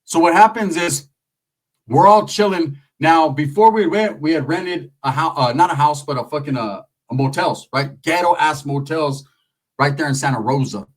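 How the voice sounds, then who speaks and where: A man's voice: a little high, normal speed, recorded from a distance, rough recording. Crude, rambling man telling a story. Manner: loose, crude, rambling with slang. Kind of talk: comedic storytelling.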